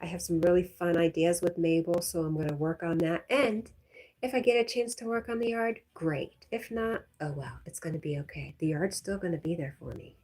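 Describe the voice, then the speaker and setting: A chatty woman from Connecticut hosts a livestream, reading viewer comments aloud and laughing easily. Her voice sits a little low, with a relaxed, husky softness. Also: brisk. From Connecticut, USA. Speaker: livestream host. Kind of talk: casual livestream chat.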